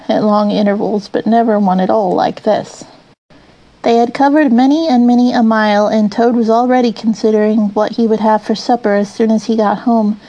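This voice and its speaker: A woman reading a children's classic aloud with an even, expressive delivery. Her voice is warm and mellow, sitting at a middle pitch. The narration is steady and clear. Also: low-quality recording. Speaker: audiobook narrator. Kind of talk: storybook narration.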